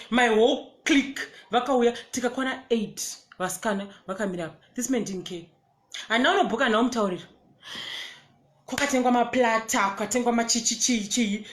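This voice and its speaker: A woman with a Zimbabwean accent tells a personal story in a casual, animated way and acts out the quotes. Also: on the high side, roomy sound. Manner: animated, switches between English and Shona, acts out quotes. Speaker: storyteller vlogger.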